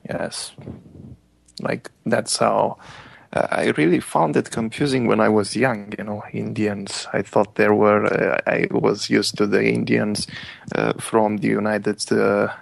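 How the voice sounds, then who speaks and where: A man chats on talk radio in a slow, flat, gravelly low voice. He halts often and searches for words. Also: no room sound. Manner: hesitant, halting. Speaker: radio show talker. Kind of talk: casual chat on talk radio.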